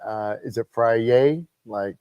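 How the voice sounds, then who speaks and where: Male co-host, mellow tone, dry studio sound, rambling chat. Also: mid-range voice, slow, clean tone, no echo, muffled recording. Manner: chatty, hesitant, trails off. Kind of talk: casual morning talk show chat.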